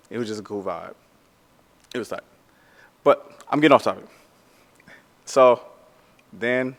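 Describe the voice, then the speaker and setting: A man who works as a tattoo artist, telling a story in a casual, animated way, full of slang and "like". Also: lowish voice, big-room sound.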